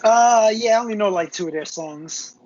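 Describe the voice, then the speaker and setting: A man's voice: high-pitched, normal speed, a little mellow, muffled recording. A man guesting on a casual wrestling roundtable, laid-back with crude jokes. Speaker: guest co-host.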